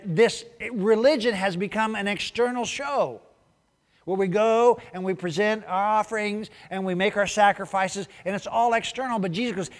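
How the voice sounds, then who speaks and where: Male pastor, high voice, sermon in an echoing hall, punchy questions and answers. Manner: preaching with sudden swings between loud urging and soft hushed asides.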